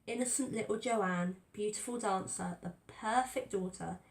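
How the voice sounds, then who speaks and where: A woman's voice: medium pitch, moderate pace, lightly acted. Woman reading as a menacing, sneering young man. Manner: snarling, mocking insults. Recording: roomy echo.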